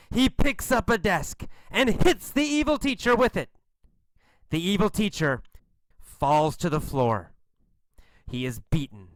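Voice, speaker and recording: Male storyteller for learners: slow, clear, expressive, dry close mic. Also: fairly high pitch, no echo, poor audio.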